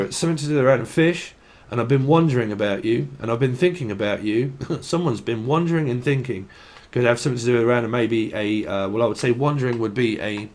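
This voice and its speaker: A man giving a casual channelled tarot reading, rambling and free-associating, laughing often and swearing casually. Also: medium pitch. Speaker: tarot reader.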